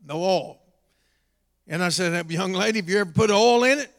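A middle-aged man preaching a storytelling sermon in a church, dropping to a quiet telling voice and rising to shouts. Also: sits high, normal speed. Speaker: pastor. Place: church hall. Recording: long hall reverb.

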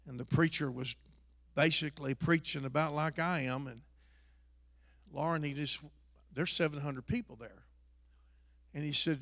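Guy preaching his testimony in church, high voice, dry sound, goes from hushed to loud and fired up. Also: normal speed, pauses often, no room sound, in a large hall. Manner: builds from hushed storytelling to loud impassioned exhortation. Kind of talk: sermon testimony.

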